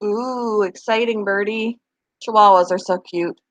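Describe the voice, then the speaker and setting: Casting note: young woman at mid pitch, chatty live-stream host answering comments, dry close sound. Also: steady tone, unhurried, dry recording. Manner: chatty, talks back to viewers' comments. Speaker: pet channel host. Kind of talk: casual live-stream chat.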